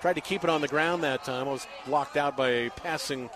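Brief: middle-aged male radio play-by-play man, raised voice, swells to shouts on scoring plays, calling from the stands. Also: fairly high pitch, brisk. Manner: excitable, builds to shouting on big plays. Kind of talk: live sports play-by-play commentary. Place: packed outdoor stadium, among the stands.

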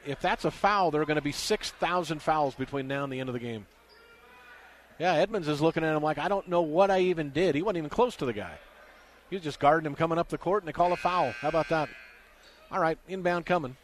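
A man calls a high school basketball game on the radio in rapid, excitable play-by-play, his voice rising loudly on the big shots. There's slight background noise.

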